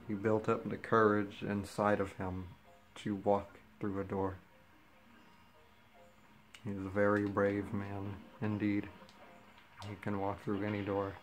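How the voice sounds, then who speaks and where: Slow and completely flat, with long pauses, a fairly low-pitched man provides goofy let's-play commentary, joking and talking to the game's characters. Game music plays behind him, and the recording is low quality.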